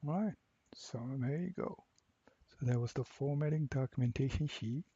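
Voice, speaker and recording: A man walking through a software assignment step by step, repeating each instruction slowly. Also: medium pitch, breathy edge, dry recording, dull audio. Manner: slow, step-by-step, repeats cell names. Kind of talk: screen-recorded software tutorial.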